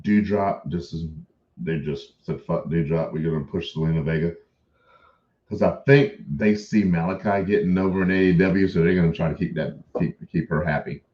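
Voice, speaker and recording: A man's voice: deep voice, steady tone, normal speed, echoey room, muffled recording. A man co-hosting a casual wrestling chat, blunt and swearing freely. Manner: blunt and profane. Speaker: podcast co-host.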